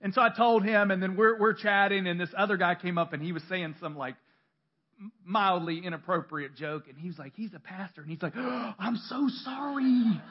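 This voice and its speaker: A man's voice: high voice, steady tone, a little fast, dull audio. A male pastor preaching a sermon in a church, talking conversationally with self-deprecating stories, restarts and laughter.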